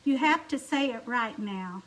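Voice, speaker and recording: A middle-aged woman with a warm Alabama drawl and a high voice chats folksily with livestream viewers as she cooks a homemade supper, greeting people by name. She's expressive and unhurried, while pots and dishes clatter clearly in the noisy kitchen.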